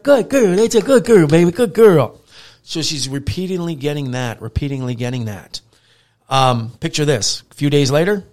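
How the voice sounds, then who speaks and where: A man with a somewhat high voice, chatting casually on a podcast as a dog trainer. He talks in an animated way and slips into playful growls and bursts of praise while he explains training. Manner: animated storyteller who acts out growls and praise.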